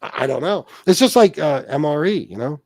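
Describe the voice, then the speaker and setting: A man hosting a livestream talks in a slightly high, conversational voice. The sound is close and dry. He rambles, swears often, and reacts to chat messages as they come. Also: lively intonation, brisk, darkish tone, no echo. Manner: rambling, profane, reading chat aloud. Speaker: livestream host.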